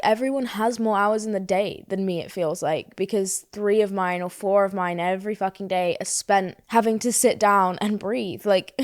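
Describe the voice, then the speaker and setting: A young woman in her twenties hosting a casual solo podcast, talking in an expressive, sweary, self-mocking way while fighting off a slight cold. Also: mid-range voice. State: slightly ill, throat irritation. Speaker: podcast host.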